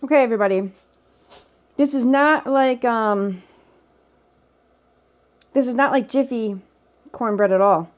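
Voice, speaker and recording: Speaking unhurriedly with frequent pauses, this woman has a voice on the high side. She's off camera in her home kitchen, recorded on the camera mic, giving chatty, improvised cooking commentary while tasting and poking fun at herself.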